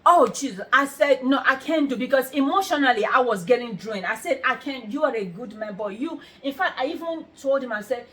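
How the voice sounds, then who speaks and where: A middle-aged woman hosts a casual conversation with a slightly high voice. She tells her stories in a lively, expressive way, acting out what other people said and breaking in with exclamations. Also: fairly quick, hardly any pauses. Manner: animated storytelling, quoting others, exclamations. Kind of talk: casual chat.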